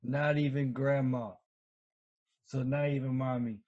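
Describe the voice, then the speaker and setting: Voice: medium pitch, level tone, measured pace, darkish tone, lo-fi sound. A person chatting casually with friends in a teasing, bossy way, breaking off to scold a child. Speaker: podcast co-host. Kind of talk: casual chat.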